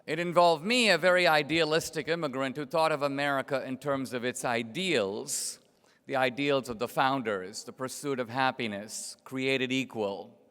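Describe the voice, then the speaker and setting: A man's voice: medium pitch, steady tone, moderate pace, a bit bright, smooth. A middle-aged man giving a political speech to an audience, telling a story in a sardonic way and asking rhetorical questions. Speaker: invited speaker. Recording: long reverb of a large hall.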